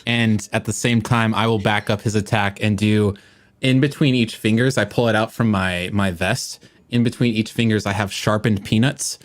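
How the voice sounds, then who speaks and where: A man at a tabletop game, speaking in a low voice as he lays out his character's actions. He talks loosely and playfully, stopping now and then to restart a phrase. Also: fairly even intonation, moderate pace. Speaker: player. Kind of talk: casual play chat.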